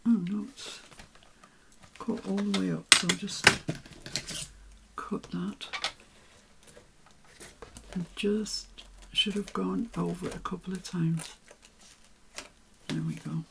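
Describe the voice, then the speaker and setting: A woman chatting casually to herself as she works on a papercraft project, with soft asides. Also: lowish voice, flat delivery, takes it slowly, gravelly, pauses often, noisy background. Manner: chatty, self-talking while working, soft asides. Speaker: papercraft vlogger. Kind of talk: casual crafting commentary.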